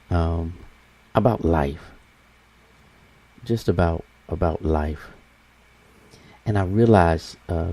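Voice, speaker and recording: A man hosting a motivational talk, reflective and often pausing to search for his words. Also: low-pitched, vocal fry, mellow. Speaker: podcast host.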